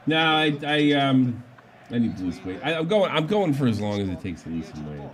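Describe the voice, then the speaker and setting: A man's voice: medium pitch, fairly quick. An American man co-hosting a live stream, chatting casually and laughing often. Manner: laughs a lot, animated storytelling with put-on voices. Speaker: stream co-host. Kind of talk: casual chat.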